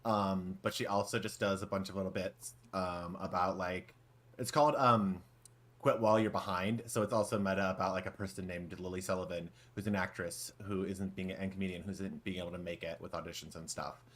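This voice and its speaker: A man's voice: sits low, steady tone, brisk, a bit bright. A man co-hosting a podcast in casual, rambling chat with many fillers. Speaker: podcast co-host.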